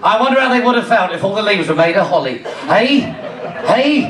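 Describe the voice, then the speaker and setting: A man's voice: high voice, expressive, moderate pace, a bit bright. A man impersonating a cheeky old-time music-hall comedian, telling saucy jokes to a party crowd with an English accent. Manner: brash, cheeky, playing to the crowd. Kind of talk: stand-up comedy routine. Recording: echoey hall, crowd laughter, far mic. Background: crowd laughing.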